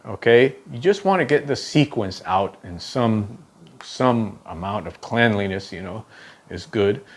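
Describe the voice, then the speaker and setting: Male drum instructor with a mid-range voice. Patient, talks through each step, counts beats aloud and checks in with "okay?". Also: medium pitch. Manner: explains step by step, ends phrases with "okay?"; counts aloud while demonstrating strokes. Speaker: drum teacher. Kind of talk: instructional demonstration.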